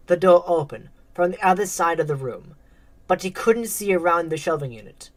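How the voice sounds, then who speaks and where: A woman narrating a story in a measured, dramatic reading. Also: on the low side, expressive.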